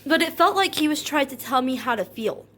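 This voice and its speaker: Speaking straight to her audience, this woman content creator delivers an earnest, wounded personal monologue in a high-pitched voice. She stays calm and measured rather than loud, yet sounds anxious and frequently says things more than once.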